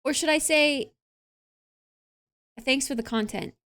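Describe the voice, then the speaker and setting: A woman's voice: high voice, slow pace, a bit bright. A young woman streaming, casually chatting to her viewers and breaking into giggles as she reads comments aloud. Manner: giggly, laughing fits while reading comments. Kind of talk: casual livestream chat.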